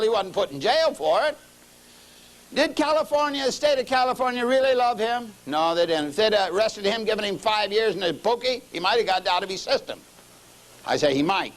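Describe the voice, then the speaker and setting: A middle-aged man preaching a sermon, telling a story and dropping to low murmurs before raising his voice for emphasis. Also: low-quality recording.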